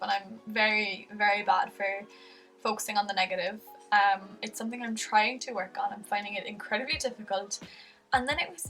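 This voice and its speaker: A woman's voice: medium pitch, recorded from a distance, low-quality recording. A young woman with an Irish accent talking candidly to camera in a rambling, casual vlog, with lots of fillers. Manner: rambling and candid, many fillers, soft laughs. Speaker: vlogger. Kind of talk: casual confessional talk to camera. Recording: music faintly behind, voice a bit off-mic.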